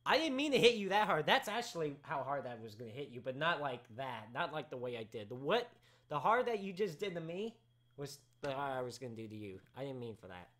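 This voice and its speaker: A man hosting a casual live talk show, excitable and rambling, with his voice cracking and breaking into sudden shouts. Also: mid-range voice, a little fast.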